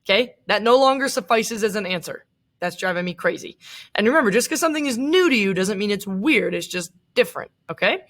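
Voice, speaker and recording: A woman's voice: mid-range voice, animated, brisk, fairly bright tone. Young woman teacher talking thru a screen-share lesson, chatty, lots of ums. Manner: chatty, many fillers and asides. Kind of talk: casual recorded lecture with screen share.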